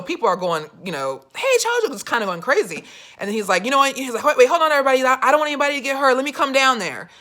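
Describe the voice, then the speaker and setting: A young woman with a bright, clear voice vlogs about politics in a loose, chatty way. She tells her story with lots of "you know" and jumps into quoted voices as she goes, then comes back to firm, pointed commentary. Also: mid-range voice. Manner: animated storytelling, acts out quoted voices, many fillers. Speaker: political vlogger. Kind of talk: casual political commentary vlog.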